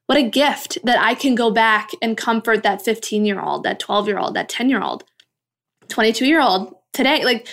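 A woman in her twenties hosting a solo podcast, speaking gently and affirmingly to her listeners and swearing casually now and then. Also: medium pitch. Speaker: podcast host. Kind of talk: heartfelt solo podcast monologue.

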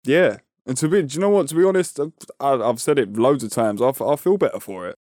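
A man's voice: mid-range voice, fast talker, a little mellow, dry recording, clean studio sound. A man co-hosting a casual podcast, talking in a laid-back, slangy way. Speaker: podcast co-host.

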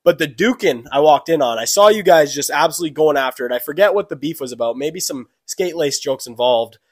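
A young man with a somewhat high voice co-hosts a podcast, teasing and joking in a relaxed chat. His voice sounds dry and close, with no room echo. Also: a little fast. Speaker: podcast co-host. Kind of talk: casual chat.

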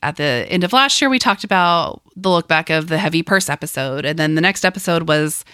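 A woman in her thirties co-hosting a podcast with a lowish voice that is a bit raspy from a cold. She rambles through chatty asides and laughs easily. The voice is close to the mic in a dry room. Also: animated, a little fast, a bit bright, no echo. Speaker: podcast co-host. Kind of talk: casual podcast chat.

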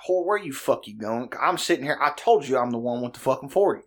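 A man voicing a grumpy, threatening older male bar regular who rants slowly. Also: mid-range voice, expressive, a bit bright. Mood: menacing. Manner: menacing, drawn-out rant.

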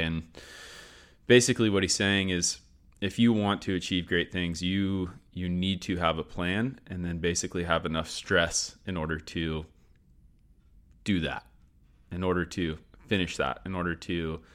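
Hosting a session on sport and performance psychology, a man delivers a scripted lesson in a low voice with a fairly bright tone. His manner is upbeat, and he repeats the points that matter most.

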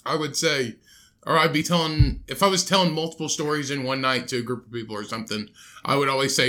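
A man's voice: medium pitch, fairly even intonation, quick pace, bright, forceful tone. A man in his twenties hosting a casual podcast, laid-back, laughing easily and tripping over hard words. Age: 20s. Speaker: podcast host. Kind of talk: casual chat.

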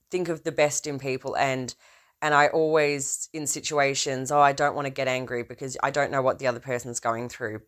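A woman hosting a podcast, talking in a casual, rambling way. She is a trained opera singer with a low voice, stops and restarts her sentences often, and swings her emphasis theatrically. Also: fairly bright tone. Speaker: podcast host.

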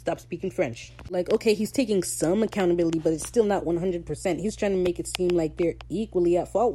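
A woman hosting a podcast, recapping a show in casual, sarcastic, animated rants full of slang. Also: lowish voice, fast talker, hardly any pauses, slight background noise. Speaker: podcast host.

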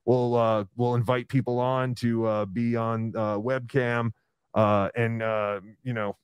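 A man's voice: medium pitch, clean tone, no echo. Man, podcast host, casual and self-deprecating, hesitant, dry close sound. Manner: halting, lots of fillers, self-deprecating. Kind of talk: casual chat.

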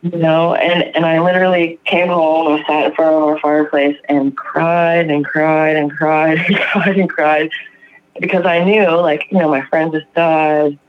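A man's voice: fairly high pitch, little pitch movement, unhurried. A man from Canada telling a candid personal story in a rambling, profane way, full of fillers. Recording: dull lo-fi sound.

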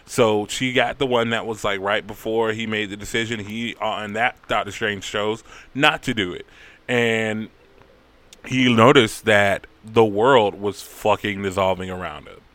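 A man casually recapping a story, rambling, profane and animated. His voice is bright and crisp, and the sound is dry and close. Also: lowish voice, unhurried, no echo.

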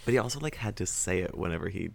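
A man's voice: low voice, expressive, racing, gravelly, no echo. A man who is the game master of a role-playing podcast, chatting bluntly and emphatically. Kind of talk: casual chat.

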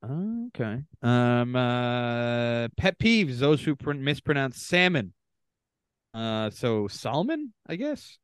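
A man's voice: medium pitch, sing-song, slow, few pauses, smooth, no echo, clean studio sound. A man from Canada co-hosting a casual podcast, reading contestant bios aloud with offhand asides. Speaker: podcast co-host.

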